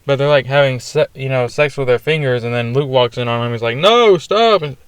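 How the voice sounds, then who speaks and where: A young man in a loose, ranting movie review, peppered with swearing and filler words. His voice is smooth and clear, and it is recorded dry and close with almost no room sound. He sits at a middling pitch for a man. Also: level tone, fast talker, no echo. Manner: ranting, profane, frequent fillers. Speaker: film reviewer. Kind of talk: casual spoken movie review.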